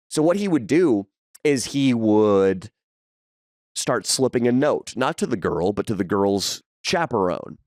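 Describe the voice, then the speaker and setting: Brief: young man, podcast co-host, crude comic storyteller, lively intonation. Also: mid-range voice, a little slow, no room sound, studio quality. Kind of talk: casual podcast banter.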